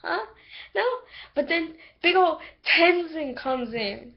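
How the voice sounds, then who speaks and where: A woman giving a casual, rambling episode review on a computer microphone, excitable and full of fillers. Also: sits high, takes it slowly, vocal fry, dull audio. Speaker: video reviewer.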